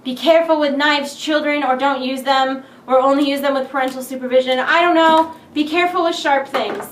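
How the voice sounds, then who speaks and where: A woman's voice: sits high, fairly even intonation, fairly quick. A young woman hosting an unboxing video, giddy and jokey, chattering to herself as she works the packaging open. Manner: giddy, jokey, talks to herself while fiddling with the box. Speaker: unboxing vlogger. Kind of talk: excited casual unboxing talk. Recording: echoey room, faint background hiss.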